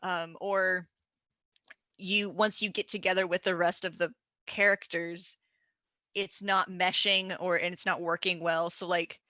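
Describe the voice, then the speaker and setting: Woman talking slow and stop-start, lowish voice with a sharp brightness, muffled dry audio. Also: little pitch movement, no room sound. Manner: halting, restarting, thinking aloud. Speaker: tabletop game player, panelist. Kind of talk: casual panel chat.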